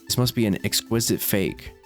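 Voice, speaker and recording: A man's voice: on the low side, normal speed, faint music behind. A man reading a visual novel's first-person narration aloud as a let's play host, with small stumbles.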